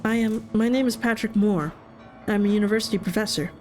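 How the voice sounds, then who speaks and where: A woman's voice: medium pitch, a little fast, a little mellow, faint music behind, natural voice. Woman reading a nervous, polite professor. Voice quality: polite, flustered, stumbling. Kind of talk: game voice acting.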